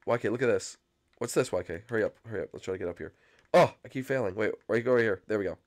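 Rapid-fire and on the low side, a young channel host's voice rushes through frantic, excited gameplay commentary, frequently yelping and screaming whenever he's chased.

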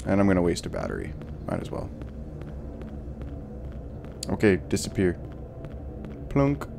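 A young man commenting on his gameplay, swearing and ranting in frustration between quieter muttering. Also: low voice, huge pitch swings, unhurried, gravelly, background noise. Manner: angry, swearing, frustrated outbursts. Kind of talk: let's play commentary.

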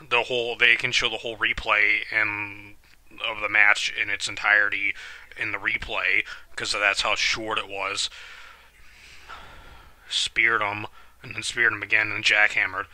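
Hosting a reaction channel, this man gives excitable live commentary on a wrestling match, cursing whenever he's outraged. His voice is lowish, and the recording is dry.

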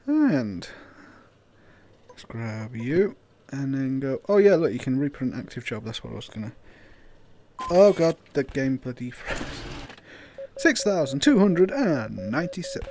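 A young man giving casual, sweary gameplay commentary, swinging into loud disbelief and laughter. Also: medium pitch, very animated, a little slow, slight background noise. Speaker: gaming YouTuber.

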